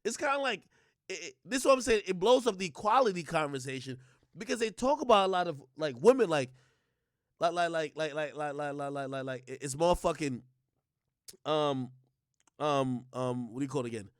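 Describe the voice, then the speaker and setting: A young man ranting on a stream, profane and animated, stumbling over fillers as he argues. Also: on the high side, fairly quick, no room sound, studio quality. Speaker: streamer and commentator.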